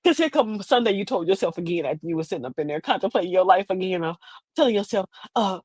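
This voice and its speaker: A woman's voice: lowish voice, expressive, quick pace, a little mellow, husky, dry recording. A woman, hosting a streamed show in a sassy, rambling comedic monologue. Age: 50s. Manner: chatty, sassy, rambling with repeated phrases.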